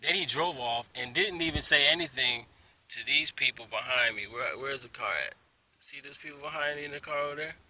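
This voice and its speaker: A man telling a story to a phone camera in a park, animated and dropping into whispered asides. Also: mid-range voice, a little fast, poor audio. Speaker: vlogger. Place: outdoors in a park under a tree. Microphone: phone held at arm's length.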